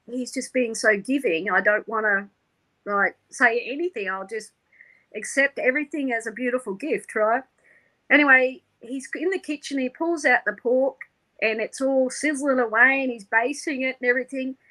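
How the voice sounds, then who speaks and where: A woman, an interview guest, tells a personal story in an animated way, laughing often and acting out the people she quotes. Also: high voice, normal speed, low-quality recording.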